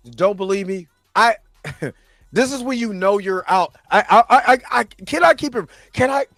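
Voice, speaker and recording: A man's voice: a little high, fairly bright tone, no room sound. A man hosting a reaction show, delivering heated, impassioned commentary with frequent stumbles and restarts.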